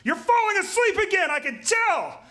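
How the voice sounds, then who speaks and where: A man voicing a furious wealthy woman patient, shrill and scolding, on a live storytelling stage. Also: big pitch swings, normal speed, sharp tone, heavily acted. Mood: accusing.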